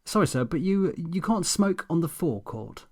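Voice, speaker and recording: A man's voice: a little high, animated, moderate pace, a little mellow, slightly rough, pitched above the performer's own voice. A man voicing a smug, over-formal teenage petrol station manager.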